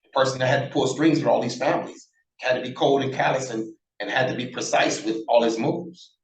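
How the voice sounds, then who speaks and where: A man in his sixties tells stories in a casual interview, blunt and profane, voicing every quoted line himself. His voice sits at a middling pitch. The recording carries a roomy echo. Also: brisk. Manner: animated, acts out quoted dialogue, blunt and profane. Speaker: interview guest, former prisoner.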